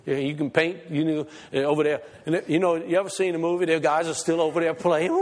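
A preacher delivers an impassioned sermon, his fairly high voice rising into near-shouts and dropping to low asides. The sound rings with a long reverb, as in a big hall. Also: steady tone, fast, hardly any pauses.

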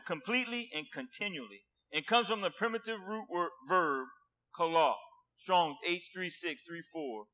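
A man preaching a sermon with passion, dropping to a hush and then rising loud, repeating words for emphasis. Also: high-pitched. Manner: impassioned, swinging from hushed to loud.

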